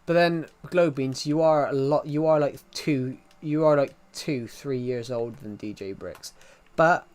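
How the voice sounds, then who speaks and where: A man's voice: mid-range voice, measured pace, hardly any pauses. A young man live streaming and chatting with viewers in a rambling, jokey way, with a thick accent and lots of restarts. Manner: rambling, with many restarts and false starts; self-deprecating and jokey. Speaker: livestreamer. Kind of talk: casual livestream chat answering viewers.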